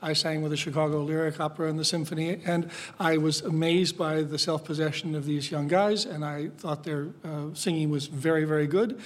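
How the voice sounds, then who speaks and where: A man speaking as a critic on a discussion panel, blunt and opinionated. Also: on the high side.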